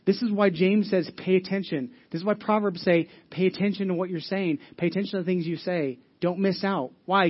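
A man's voice: high voice, fairly even intonation, a little fast, few pauses, muffled recording. A man preaching a conversational sermon, earnest, often restarting and repeating phrases and putting questions to the congregation. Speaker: pastor.

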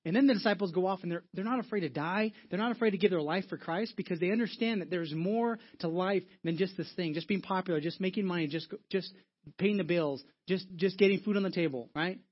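A man's voice: high-pitched, fast, muffled recording. A man preaching a sermon as a church pastor, telling stories conversationally with frequent restarts and repeated words.

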